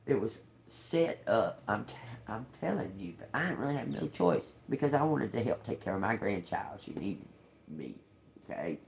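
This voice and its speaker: A woman's voice: a bass voice, big pitch swings, moderate pace, vocal fry, darkish tone, a little hiss or hum. A middle-aged woman on a livestream, angrily telling a personal story with lots of cursing. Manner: agitated, profane ranting. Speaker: livestream host. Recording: roomy echo.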